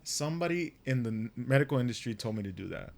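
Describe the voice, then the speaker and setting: A young man co-hosts a podcast in a mid-range voice that's quick, expressive, gravelly and a little mellow. Chatting casually, he tells a family story, swearing freely and acting out what everyone said in quoted dialogue.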